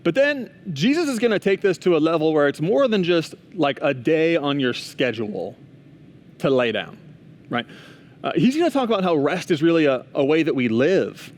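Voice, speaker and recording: A man's voice: fairly high pitch, very animated, normal speed. A young man giving a casual chapel talk to students, telling a story in a chatty way with frequent asides and restarts. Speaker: school chapel speaker.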